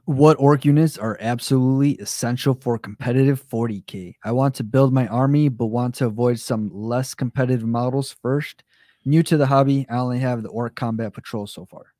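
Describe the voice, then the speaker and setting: A man co-hosting a casual gaming live stream, relaxed, reading out viewer questions. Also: mid-range voice, fairly quick, no room sound, studio quality.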